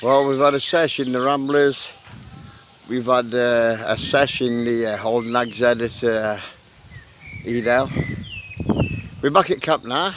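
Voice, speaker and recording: A man's voice: medium pitch, unhurried, long pauses, fairly bright tone, slight background noise. A man, rambling casually while vlogging at a rainy campsite. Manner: chatty, rambling, laughs often. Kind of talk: casual outdoor vlog. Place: wet campsite outdoors in rain.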